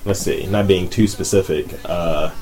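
A man co-hosting a podcast, chatting casually in a profane, animated way and laughing often. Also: deep voice, normal speed, soft background music. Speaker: podcast co-host. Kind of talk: casual chat.

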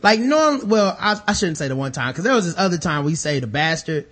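A man's voice: on the high side, sing-song, fairly quick, fairly bright tone. A man hosting a podcast in casual chat, animatedly retelling a TV episode and acting out the characters in slang. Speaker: podcast host.

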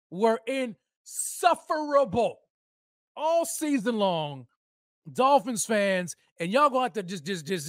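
A man's voice: high voice, no echo, studio quality. A man hosting a solo sports podcast, mocking and heated, hammering points by repeating himself. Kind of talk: solo sports commentary rant.

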